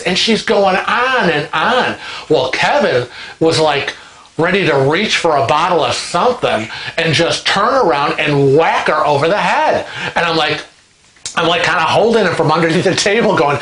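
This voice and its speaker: A man hosting a vlog, telling a story to camera in an animated, gossipy, conversational way. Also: a little high, unhurried. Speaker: vlog host. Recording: echoey room.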